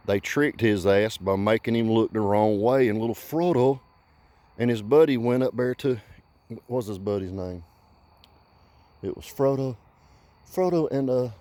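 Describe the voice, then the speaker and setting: A man's voice: on the low side, darkish tone, dry recording. A man vlogging in a rambling comic rant, profane and folksy.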